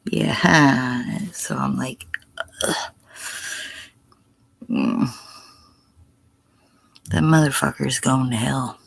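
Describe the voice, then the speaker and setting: Gravelly, husky middle-aged woman. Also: rumbling low, very animated, very slow, pauses often. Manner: blunt, profane, slips into whispers. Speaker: livestreamer answering chat. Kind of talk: casual livestream chat.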